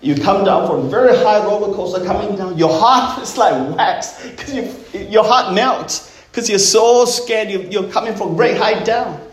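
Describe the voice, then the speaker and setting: A man's voice: sits high, moderate pace, hardly any pauses. A middle-aged man preaching an Easter sermon as pastor, emphatic, putting rhetorical questions to the congregation. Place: church sanctuary. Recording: roomy echoing sanctuary.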